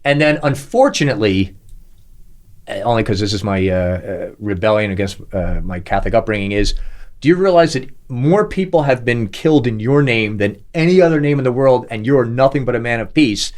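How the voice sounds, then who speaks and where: A man's voice: mid-range voice, fairly quick. A middle-aged man hosting a podcast, chatting casually and acting out quoted voices as he tells stories. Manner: animated storyteller, acts out quoted voices. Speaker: podcast host. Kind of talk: casual chat.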